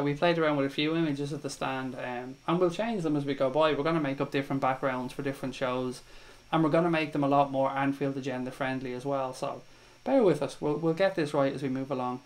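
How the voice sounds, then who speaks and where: Here the Irish stream host's voice runs slightly high, captured on a low-quality recording. He reads out viewer comments in easygoing live chat, swearing freely and addressing everyone as mate.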